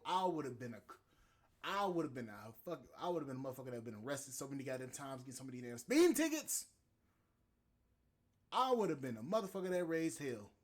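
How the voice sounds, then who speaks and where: A man hosting a podcast, ranting in a heated, profane, rambling monologue. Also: medium pitch. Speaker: podcast host. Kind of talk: casual podcast rant.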